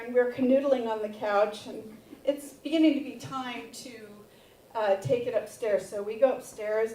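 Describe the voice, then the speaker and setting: High-voiced woman telling a stand-up story. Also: recorded from a distance, a little hiss or hum. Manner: candid, builds to shouted reenactments. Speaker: stand-up comedian. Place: comedy theater stage. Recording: roomy theater sound from afar. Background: audience laughter.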